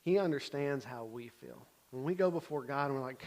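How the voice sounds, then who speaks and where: A man giving a casual, conversational sermon, often checking in with his listeners and swinging between loud bursts and quiet asides. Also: medium pitch, brisk. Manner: conversational, checks in with frequent "okay?". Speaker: Bible teacher.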